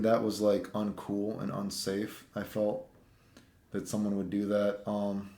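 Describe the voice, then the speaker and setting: A man telling travel stories in a casual, rambling vlog, swearing and getting animated as he retells run-ins. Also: fairly low pitch, a little slow, echoey room. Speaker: vlogger.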